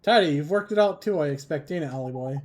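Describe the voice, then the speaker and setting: A man's voice: on the high side, animated, fast talker, a little mellow, a little hiss or hum, lightly acted. A man voicing a cheeky little male fairy sidekick who talks in a blustery, scolding, slangy way. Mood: chummy. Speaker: let's play streamer.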